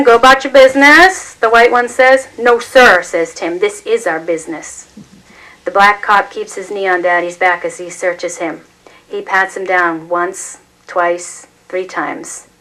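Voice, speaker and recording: Woman, novel reading, steady, expressive, bright, lowish pitch. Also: poor audio. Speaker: reader.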